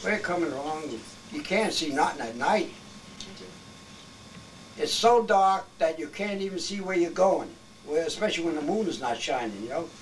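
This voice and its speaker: A man in his eighties, voice on the high side, animated and moderately paced, tells old stories in a rambling, salty way, chuckling through them. It's casual storytelling at a family birthday gathering at home, caught on a distant home video with background noise.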